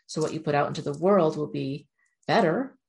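A woman with a low, deep-set voice speaks straight to her viewers in an earnest, encouraging motivational talk. She addresses them directly and keeps urging them on. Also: fairly quick, vocal fry, a little mellow. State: near tears at moments. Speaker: self-help speaker.

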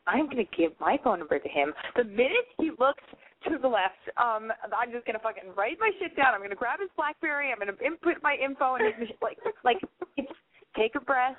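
A woman's voice: fairly high pitch, slight background noise. A woman hosting a call-in podcast, giving dating advice in a brash, rambling, profane way. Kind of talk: casual call-in advice chat. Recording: phone-like narrow band.

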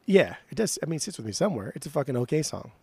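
Brief: high-pitched, very lively man, mock-furious podcast co-host, swears freely. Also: rapid-fire, gravelly, slightly rough, no room sound. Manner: mock-outraged, swears a lot, animated ribbing. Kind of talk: casual chat.

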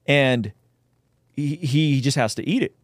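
A man's voice: medium pitch, a little slow, no echo, clean studio sound. A man co-hosting a casual reaction show, talking bluntly and scolding his co-host in jest. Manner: blunt, animated, jokingly scolding.

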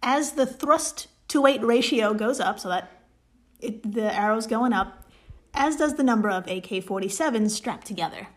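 A woman's voice: a little high, normal speed. A woman on a casual podcast, playfully explaining a problem step by step with jokes. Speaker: podcast co-host explaining science.

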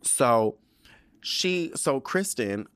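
A young man hosting a podcast, recapping a TV episode in a sassy, profane, animated way and slipping into quick voices for the characters. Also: mid-range voice, smooth, no echo. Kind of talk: casual recap monologue.

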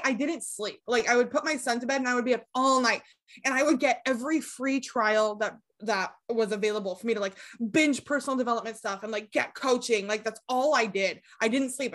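A woman's voice: a little high, fairly bright tone. A young woman, a recovery coach, candidly telling her story as a podcast guest, with lots of fillers and casual swearing.

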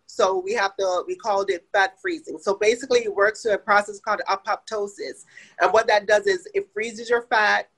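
Jamaican woman, spa owner guest, husky voice, plain explainer, lots of "you know". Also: medium pitch, steady tone, brisk, a bit bright, low-quality recording. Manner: explains plainly, many fillers. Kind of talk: casual interview answers.

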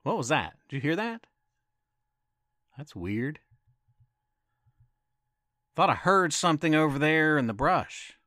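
A man's voice: a little high, sing-song, takes it slowly, pauses often, pushed and bright, no room sound, clean studio sound. A man telling a campfire story as a podcast storyteller, dramatic and teasing, with asides to his listeners.

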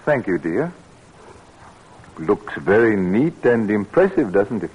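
An actor playing a determined middle-aged male doctor in a 1940s radio drama, speaking in an earnest, measured way with a husky voice. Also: on the low side, very animated, exaggerated voice. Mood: earnest, calm. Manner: earnest, measured, flares into anger. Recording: dull lo-fi old radio recording.

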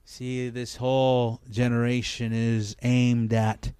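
A middle-aged man preaching a sermon as pastor, with emphatic, repetitive, drawn-out phrasing. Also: medium pitch, smooth, no echo, studio quality.

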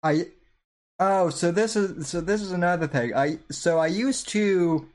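A man's voice: high-pitched, measured pace, darkish tone. A man hosting a podcast, casually looking back on his old shows with rambling, self-deprecating asides and frequent restarts. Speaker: podcast host. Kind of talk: casual reflective commentary.

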